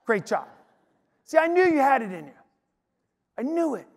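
A man preaching to an audience in an energetic, emphatic storytelling way. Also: very high voice, measured pace, long pauses. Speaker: speaker. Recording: long hall reverb.

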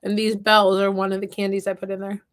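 A woman's voice: medium pitch, monotone, fast talker. A woman hosting a casual craft livestream from her home office, chatting and reading out viewer comments. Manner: playful and upbeat. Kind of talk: casual chat while crafting.

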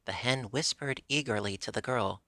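A man reads a classic children's book aloud as a steady audiobook narrator. His voice has a gravelly edge and a very bright, sharp tone. The recording is close and dry. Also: mid-range voice, moderate pace, dry recording. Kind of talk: storybook reading.

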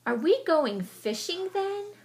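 A woman voicing an eager, cheerful little female mouse in a storybook read aloud, with a squeaky, hopeful manner. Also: sing-song, slow, a little mellow, full character voice.

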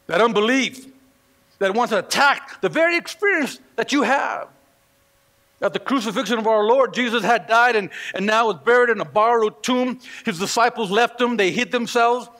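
In the sanctuary of a church, a man preaches as pastor, his voice very high-pitched, bright and forceful at a normal pace. He tells stories and acts out the voices of the people in them, and the hall's long reverb trails after every line.

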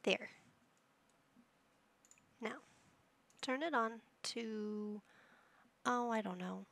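Slow-talking woman with a gravelly voice. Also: a little high, a bit bright. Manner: chatty, talks to game characters, reads menu options aloud. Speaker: gaming YouTuber. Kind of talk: casual gameplay commentary.

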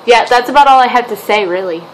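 Chatty woman with a slightly high voice. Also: quick pace, slight background noise, rough recording. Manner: rambling, self-mocking, chatty. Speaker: vlogger and mother. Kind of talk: casual daily vlog chat. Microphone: camera set down a short distance away.

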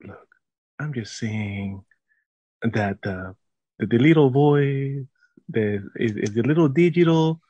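A man co-hosting a podcast in casual banter, joking and animated, tossing in Spanish words. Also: mid-range voice, slow pace, long pauses, breathy edge, no echo, dull audio. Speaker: podcast co-host.

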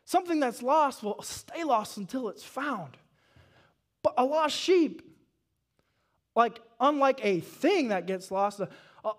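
High-voiced Southern preacher. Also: male voice, breathy edge. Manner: folksy storytelling that builds to shouted exhortation. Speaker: pastor. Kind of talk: sermon. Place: church service.

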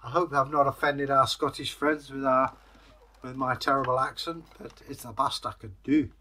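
A male storyteller hosts his channel, telling a folktale and then chatting with viewers. He rambles with filler pauses. His voice has a bright, forward tone at a middle pitch. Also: flat delivery. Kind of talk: folktale storytelling, casual sign-off.

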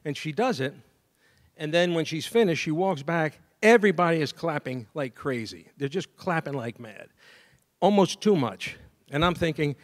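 Commencement speaker: a man with a slightly high voice, animated storyteller who scats tunes and acts out dialogue. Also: measured pace. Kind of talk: storytelling speech at a graduation ceremony. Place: university degree ceremony.

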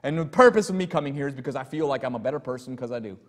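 A smug, complacent churchgoer shrugging everything off, voiced by a preacher. His offhand, dismissive delivery sits a little lower than the preacher's own. The sound rings in a reverberant church hall. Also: expressive, racing, lightly acted.

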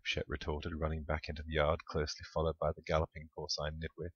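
A man reads his own comic storybook aloud with a wry, deadpan delivery and a very low voice. The recording is dull and lo-fi, dry and close. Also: quick pace, husky, no echo. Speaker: author reading his book. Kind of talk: audiobook narration.

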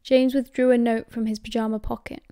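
A woman with a British accent narrating an audiobook in a steady, measured way. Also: fairly high pitch, no echo, clean studio sound. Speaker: audiobook reader.

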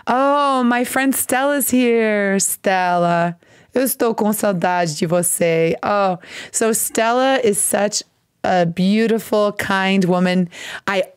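An American woman, a native English speaker, hosting a live English lesson stream, chatting warmly and trying out halting Portuguese over a headphone mic. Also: medium pitch, clear, resonant tone, dry recording, studio quality. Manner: gushing, reads chat names aloud, halting Portuguese. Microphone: headphone mic on a video stream.

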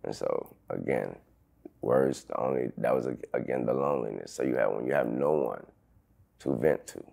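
A man in his thirties, an interview guest telling a painful personal story in halting sentences full of restarts. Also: very deep voice, creaky. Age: 30s. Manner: halting, restarts sentences, loud when quoting others.

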